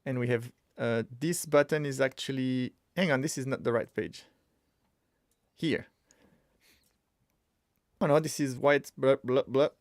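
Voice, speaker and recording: A man hosting a casual live coding stream, talking excitably and thinking aloud with frequent restarts. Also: mid-range voice, measured pace, long pauses, no room sound, studio quality. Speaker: streamer teaching web development.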